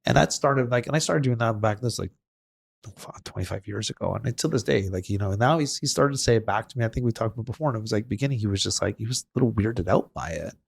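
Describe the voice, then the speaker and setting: Gravelly-voiced middle-aged man, earnest and emotional. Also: on the low side, fast talker. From Canada. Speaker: podcast host. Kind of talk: casual conversation.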